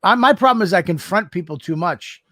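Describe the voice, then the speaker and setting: A man co-hosting a podcast in casual chat, excitable and self-mocking, swearing often. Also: high voice, fairly quick, no echo, clean studio sound. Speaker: podcast co-host.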